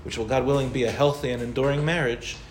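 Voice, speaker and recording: Rabbi in a roomy, echoey hall. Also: male voice, mid-range voice, steady tone, quick pace. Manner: conversational, with Hebrew and Yiddish terms. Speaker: rabbi answering questions. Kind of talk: informal Torah class. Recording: roomy echo with faint noise.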